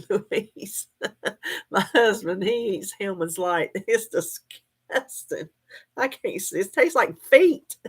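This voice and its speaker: A woman's voice: medium pitch, fairly bright tone, husky. A woman hosting a casual livestream, chatting folksily with viewers and laughing often. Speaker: livestream host. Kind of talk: casual live chat reading comments.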